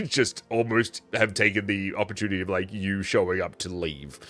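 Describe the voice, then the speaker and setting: A man's voice: on the low side, normal speed, fairly bright tone. A man narrating as game master of a tabletop game in a casual, rambling way with many fillers.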